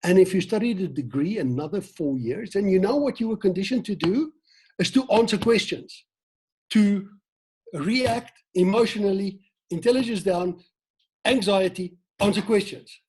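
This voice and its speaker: A South African man leads an online sales training session on a video call. His voice is mellow and a touch husky. He keeps things lively, acting out quoted lines and throwing questions at his listeners. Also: high-pitched, normal speed. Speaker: team trainer.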